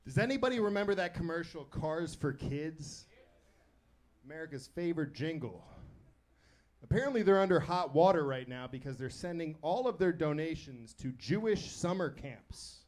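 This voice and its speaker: A man's voice: a little high, lively intonation, a little fast, a little mellow. A man hosting a stand-up show, telling profane, edgy jokes between acts and bringing up the next comic. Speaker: comedy show host. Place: comedy club stage.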